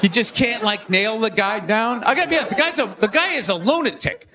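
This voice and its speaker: A middle-aged man with a Boston accent doing a stand-up comedy rant, animated and shouting, slipping into mocking impressions. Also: high voice, fairly quick, very noisy. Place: comedy stage before a live audience. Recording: live stage with crowd laughter.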